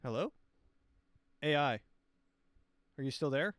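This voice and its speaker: A man hosting a comedy podcast, rambling casually with lots of fillers and deadpan asides. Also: fairly high pitch, slow pace, dry recording. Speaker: podcast host.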